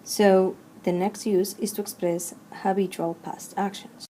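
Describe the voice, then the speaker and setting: Female language teacher, mellow tone, measured drilling delivery, faint hiss behind. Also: mid-range voice, flat delivery. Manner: slow, clear drilling of verb forms. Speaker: Spanish teacher. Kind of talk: recorded grammar lesson.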